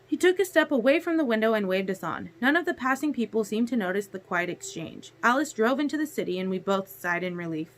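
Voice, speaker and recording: A woman narrating a novel chapter aloud in a steady storytelling manner. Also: mid-range voice, fast, few pauses. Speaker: audiobook reader. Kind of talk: audiobook narration.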